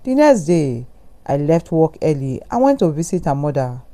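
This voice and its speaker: Man narrating horror in a mellow voice. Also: on the high side, big pitch swings, normal speed. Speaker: storyteller.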